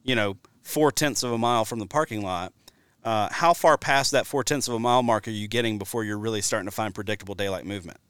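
A man hosting a casual hunting podcast, chatty and telling stories with lively asides. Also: lowish voice, quick pace, clear, resonant tone, no echo. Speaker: podcast host.

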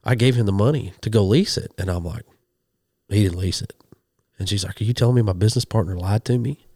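Low-voiced man telling stories. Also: fast talker, husky, no echo, studio quality. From western Oklahoma. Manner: animated, acts out quoted voices. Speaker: guest, hunting show host and minister. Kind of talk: casual storytelling.

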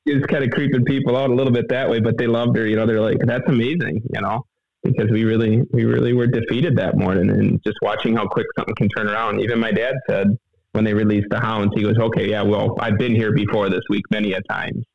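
Middle-aged man, gravelly and low, flat delivery, rambling and earnest, tinny phone line. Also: fairly quick, no echo. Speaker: guest telling a hunting story. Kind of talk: casual storytelling interview.

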